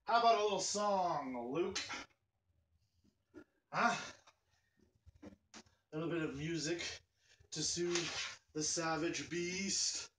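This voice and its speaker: A man's voice: on the high side, takes it slowly, long pauses, roomy sound, distant mic, noisy background. A man hosting a live stream with casual, joking, self-deprecating banter.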